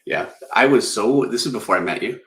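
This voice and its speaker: A middle-aged man with a fairly low voice hosts a casual livestream. He rambles through stories and laughs at himself. The sound bounces around a roomy space. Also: a little fast, crowd noise. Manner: rambling, self-deprecating, laughs often. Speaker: artist and livestream host. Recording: roomy echo.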